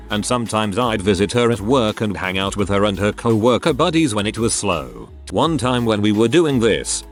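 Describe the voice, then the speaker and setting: A man reading online posts aloud in a steady, even scripted narration. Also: lowish voice. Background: faint background music.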